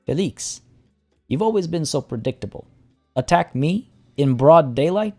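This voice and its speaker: A man's voice: a little high, expressive, unhurried, warm tone, faint music behind, pitched above the performer's own voice. A man voicing a smug, gloating cartel boss. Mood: taunting. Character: smug scheming male cartel boss rival.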